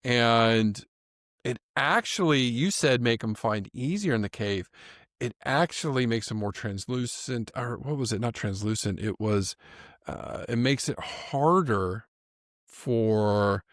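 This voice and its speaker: A man co-hosting a casual animal podcast, chatty and quick to laugh, often restarting his sentences. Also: medium pitch, expressive, dry recording, studio quality. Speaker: podcast co-host. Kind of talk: casual chat.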